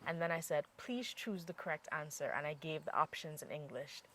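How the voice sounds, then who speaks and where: A woman's voice: deep voice, fairly quick, a bit bright, a little hiss or hum. A young adult woman hosting an instructional podcast, patiently quizzing listeners with repeated examples as a language teacher. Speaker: Mandarin teacher and podcast host.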